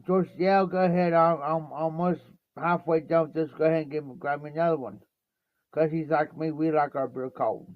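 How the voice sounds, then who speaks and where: A fairly high-pitched Ohio man with fairly even intonation tells a meandering story at a moderate pace on his livestream, piling up "I said" and "he says." The dull, lo-fi stream audio has no room sound.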